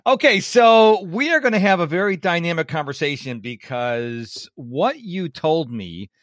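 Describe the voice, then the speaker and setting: A man in his fifties hosting a podcast interview, energetic and joking. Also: fairly high pitch, measured pace, dry recording, clean studio sound. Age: 50s. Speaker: podcast host.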